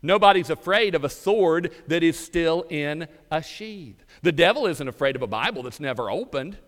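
Animated preacher. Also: male voice, a little high. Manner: animated preaching with dramatic pauses and drawn-out emphasis. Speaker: pastor. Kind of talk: sermon. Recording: reverberant hall.

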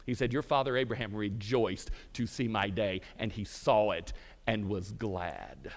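A man preaching a sermon, with dramatic pauses and drawn-out emphasis. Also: on the low side. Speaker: pastor. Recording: reverberant hall.

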